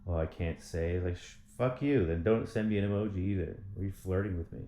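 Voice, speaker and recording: A man's voice: deep voice, fairly quick, dark tone, echoey room, a little hiss or hum. A man talking in a casual monologue, rambling and swearing as he rants in frustration. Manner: rambling, profane, frustrated ranting. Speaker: vlogger.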